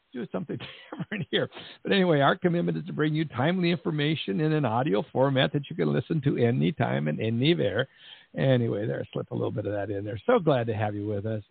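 A man's voice: fairly high pitch, vocal fry, no room sound. A middle-aged man hosting a podcast in a chatty, rambling way with asides. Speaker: podcast host. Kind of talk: casual show opening. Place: Central Texas. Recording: tinny phone-line audio.

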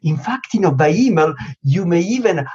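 A negotiation expert guest answers interview questions in a husky, slightly high male voice, explaining things with animated emphasis and lots of "you know" fillers. He speaks at a moderate pace, and the recording is dull, muffled lo-fi.

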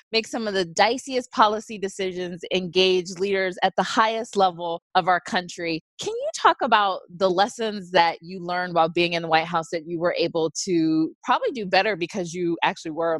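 A woman's voice: lowish voice, no echo. A woman hosting a podcast interview, who laughs often. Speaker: podcast host. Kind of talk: conversational interview.

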